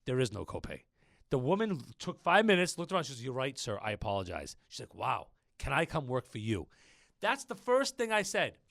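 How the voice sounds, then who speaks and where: A man hosting a business podcast, chatty and animated, telling stories straight to his listeners. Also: high-pitched, dry recording, studio quality. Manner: chatty, storytelling, addresses listeners as folks. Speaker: podcast host. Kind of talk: casual business podcast chat.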